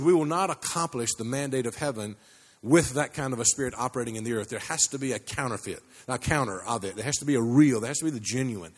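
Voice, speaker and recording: A man preaching a sermon, telling a story with many restarts and climbing pitch as he builds. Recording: long hall reverb.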